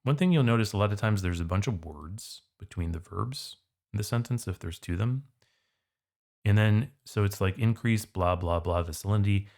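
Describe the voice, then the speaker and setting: A man's voice: fairly low pitch, moderate pace, a little mellow. A man tutoring for the SAT, walking through test questions in a casual, conversational way. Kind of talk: test prep walkthrough.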